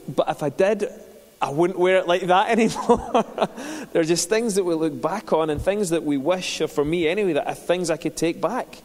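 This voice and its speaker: A man's voice: high-pitched, fairly quick, darkish tone. A man preaching a sermon, telling stories in a conversational, self-deprecating way. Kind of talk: sermon with storytelling. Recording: reverberant hall.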